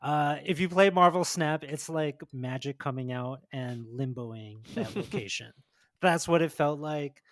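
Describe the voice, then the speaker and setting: Male podcast co-host, slightly high voice, rambly and loose, dry close sound. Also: measured pace, fairly bright tone, no room sound. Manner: rambling, heavy use of like and you know. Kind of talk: casual podcast chat.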